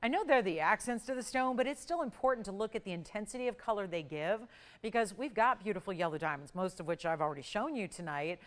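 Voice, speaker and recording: A woman hosting a live jewelry shopping show, pitching pieces and counting prices down in an upbeat sales patter. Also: animated, quick pace. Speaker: shopping channel host. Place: TV studio.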